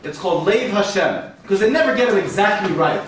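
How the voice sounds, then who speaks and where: Man, high voice, stand-up comedy, rambling jokes, very echoey room, recorded from afar. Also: lively intonation, a little fast, distant mic, slight background noise. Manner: rambling, joking, heavy Yiddish and Hebrew terms. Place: live venue with audience.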